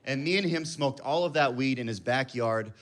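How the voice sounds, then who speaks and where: A man in his thirties doing stand-up, telling a story about himself in an animated, self-mocking way. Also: medium pitch, normal speed, noisy background. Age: 30s. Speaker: stand-up comedian. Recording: live club with audience laughter. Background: audience laughter.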